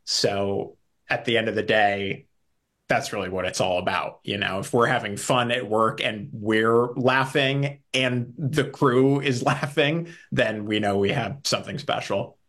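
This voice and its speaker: A man's voice: lowish voice, measured pace, a bit bright. A man who acts on a comedy series, chatting in an interview in an upbeat way and laughing often. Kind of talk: casual interview chat.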